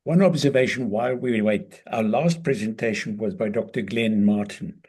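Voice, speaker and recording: A man moderating a Q&A session on a call, briskly handing out turns. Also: fairly low pitch, darkish tone, husky.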